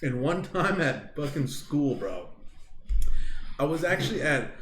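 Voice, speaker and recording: A man's voice: a little high, very animated, measured pace, fairly bright tone. A young man, a podcast co-host, casually telling a rambling, profane story and acting out his own past lines. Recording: roomy echo, faint background noise.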